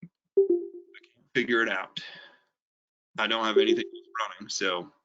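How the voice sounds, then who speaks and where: A man's voice: on the low side, fairly even intonation, a little slow, sharp tone. A middle-aged man giving a conversational, emphatic business presentation on a video call, repeating his key points. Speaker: network marketing presenter. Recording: dull lo-fi video call audio.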